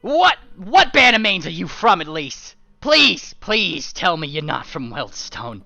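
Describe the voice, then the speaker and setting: A game master voicing an exasperated ancient male dragon who shouts at his wife. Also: medium pitch, sing-song, measured pace, vocal fry, soft background music, voice pushed up, full character voice. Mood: exasperated shouting.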